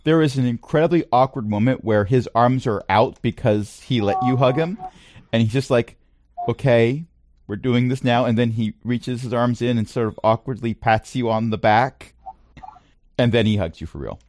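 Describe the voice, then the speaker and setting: A man narrating as game master of a tabletop game, relaxed and prone to chuckling. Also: medium pitch, moderate pace, no room sound.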